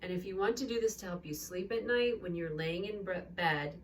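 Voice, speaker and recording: A woman leading a calm, unhurried breathing and movement exercise for children, speaking softly and gently. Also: fairly low pitch, slight background noise. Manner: soft, unhurried, calm guiding voice. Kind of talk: slow guided breathing exercise. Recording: distant mic with faint room ambience.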